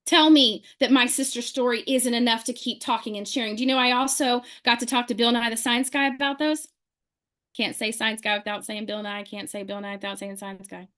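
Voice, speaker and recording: High voiced woman telling a story to a group, does all the voices, really animated. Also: a little fast. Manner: lively, acts out quoted people in her story. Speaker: speaker sharing a testimonial.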